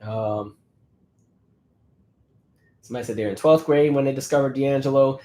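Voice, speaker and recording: A man in his thirties, slightly hoarse, hosting a casual livestream chat and reading out viewer comments in a conversational way with many fillers. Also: mid-range voice, moderate pace, warm tone.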